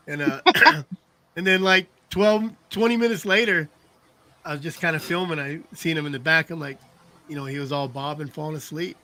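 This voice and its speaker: A man's voice: on the high side, normal speed, sharp tone. A middle-aged man telling rambling stories in casual chat, laughing often and checking in with "you know what I mean". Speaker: podcast co-host.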